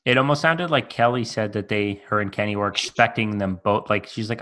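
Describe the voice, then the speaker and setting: A young man co-hosting a podcast, chatting casually in a relaxed, hedging way. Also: fairly low pitch, brisk, hardly any pauses. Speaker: podcast co-host. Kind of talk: casual chat.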